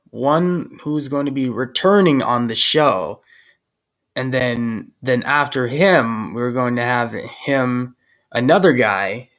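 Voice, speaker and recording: A young man hosting a casual podcast chat, talking in a hesitant, halting way with frequent restarts. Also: mid-range voice, fairly bright tone. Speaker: host.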